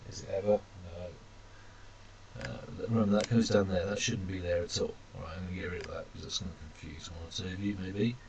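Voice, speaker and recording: A man teaching a language lesson while drawing characters on screen, chatty and self-deprecating, calling his viewers ladies and gentlemen. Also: low-pitched, fairly even intonation, fairly quick, a little hiss or hum.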